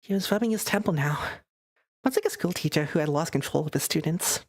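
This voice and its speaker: A woman's voice: deep voice, expressive, brisk. A woman streamer reading a dating game aloud live, chatty and giggly, voicing the narration and lines.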